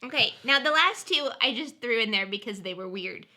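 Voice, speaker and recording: Young woman, podcast co-host, very bright tone, lively pitch, upbeat. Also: a little fast. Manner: upbeat, lists items, laughs easily. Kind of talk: casual chat.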